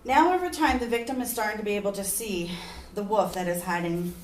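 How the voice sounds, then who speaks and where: A woman's voice: medium pitch, a little fast, a little hiss or hum. A woman giving an earnest persuasive speech, at times emotional. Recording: echoey room, mic far off.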